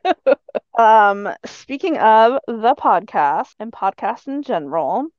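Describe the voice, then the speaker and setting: A woman's voice: a little high, animated, slow pace, dry recording, muffled recording. A woman co-hosting a podcast, chatting in an upbeat way and telling stories. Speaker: podcast co-host. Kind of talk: casual chat.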